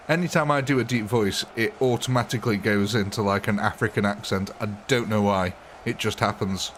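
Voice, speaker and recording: Brief: male game streamer, lowish voice, loose rambling chat with viewers, quick to laugh. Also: a little hiss or hum. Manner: rambling, chatty, laughs often, greets viewers by name. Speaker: game livestreamer. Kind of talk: casual live gameplay chat with viewers.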